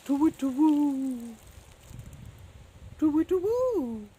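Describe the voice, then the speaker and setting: A woman voicing a calm owl puppet, hooting and chanting a nursery rhyme in a sing-song way. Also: high-pitched, drawn-out words, full character voice. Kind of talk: children's puppet play.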